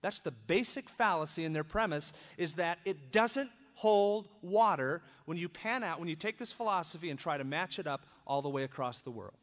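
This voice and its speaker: A male pastor with a somewhat high voice preaches through a passage, swinging between solemn scripture reading and quick, chatty commentary. His voice carries a long, echoing reverb, as in a large church sanctuary. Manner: reads scripture, then breaks into lively conversational asides. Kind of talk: expository sermon.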